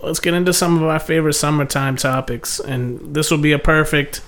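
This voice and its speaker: A man's voice: a little high, fairly even intonation, fairly quick, fairly bright tone. A young man co-hosting a podcast, jokey and playful, steering the talk into topics. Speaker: podcast co-host. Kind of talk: casual chat.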